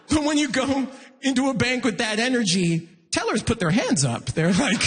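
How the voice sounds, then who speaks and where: A man performing a stand-up comedy set on a concert hall stage, animated, with shouted bursts and mock voices. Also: high voice, fairly quick. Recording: live hall recording with long reverb.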